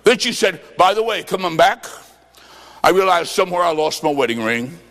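A man preaching a revival sermon in a high voice. He bursts into shouts and then sinks to low, quiet tones. His voice rings with the long reverb of a church sanctuary. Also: big pitch swings, moderate pace.

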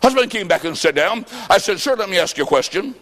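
A man preaching a sermon, telling a story with sudden shouts and sing-song phrases. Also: high voice, lively intonation, fast talker. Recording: long reverb of a large hall.

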